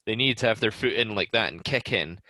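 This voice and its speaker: A man's voice: lowish voice, brisk, sharp tone, poor audio. A man who is a ski and snowboard instructor, telling a story in casual chat on a video call and laughing at his own frustration.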